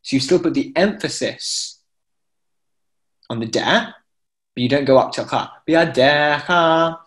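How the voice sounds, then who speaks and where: A man's voice: medium pitch, animated, unhurried. A man teaching an online class in chanting scripture, explaining with many fillers and chanting short examples. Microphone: video call.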